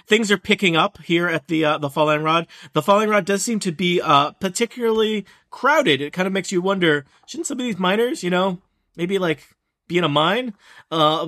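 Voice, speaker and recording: Bright-voiced man running a tabletop game. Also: a little high. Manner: hesitant, many fillers and restarts. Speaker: game master.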